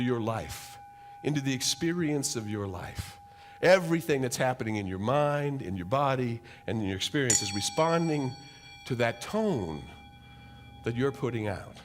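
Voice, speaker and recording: A man giving a sermon as a guest speaker, with dramatic, drawn-out emphasis and questions put to the audience. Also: medium pitch. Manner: dramatic, drawn-out emphasis with wide swings in loudness; preacherly, asks the audience questions. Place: church hall.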